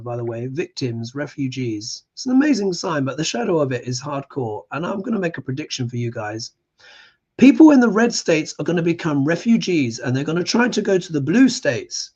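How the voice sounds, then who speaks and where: Astrologer host, impassioned ranter, slightly high-pitched man on lo-fi stream audio. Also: darkish tone, slightly rough. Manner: impassioned, ranting, emphatic. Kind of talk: live-stream tarot reading and commentary.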